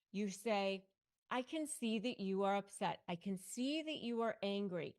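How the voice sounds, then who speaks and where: A woman's voice: medium pitch, a little mellow. A middle-aged woman, a lawyer and coach, giving motivational advice straight to camera with emphatic, punchy repeated phrases.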